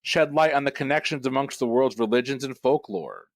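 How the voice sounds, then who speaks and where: A man hosting a pub trivia quiz, reading questions in a brisk, matter-of-fact way and bantering with the players. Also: medium pitch, no room sound.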